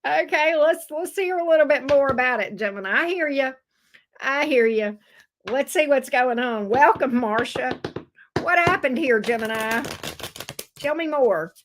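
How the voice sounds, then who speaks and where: A woman giving a casual tarot reading to camera, expressive and swearing freely as she acts out the viewer's voice. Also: high voice, a little slow, a little hiss or hum. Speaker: tarot reader.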